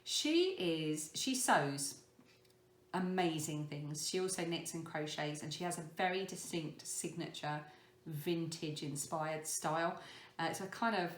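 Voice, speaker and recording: Woman, podcast host, low-pitched, chatty and rambling, self-deprecating, roomy echo. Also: a little slow. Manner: chatty and rambling, with many ums; self-deprecating, laughs at herself. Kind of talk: casual podcast monologue.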